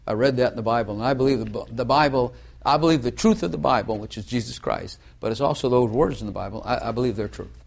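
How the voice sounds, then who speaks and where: A man's voice: mid-range voice, quick pace, gravelly, few pauses. A middle-aged man preaching a sermon in a loose, conversational way, full of restarts and asides.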